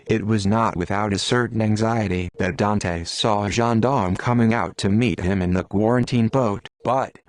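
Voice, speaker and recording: A man reads an audiobook in a low, steady voice. The recording is dry and close, with no room sound. His delivery is even and unhurried. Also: no room sound. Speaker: audiobook narrator. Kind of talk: scripted narration.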